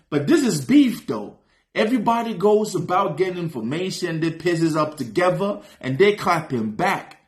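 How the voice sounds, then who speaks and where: A man hosting a reaction video, commenting casually on a rap track in a slangy, animated way, with bursts of excited shouting. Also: high-pitched, moderate pace, roomy sound.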